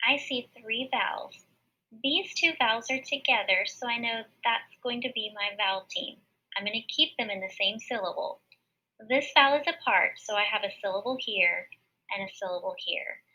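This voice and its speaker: A woman teacher giving a recorded phonics lesson to young children, explaining each step slowly, clearly and patiently. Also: a little high, sharp tone. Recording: dull lo-fi recording.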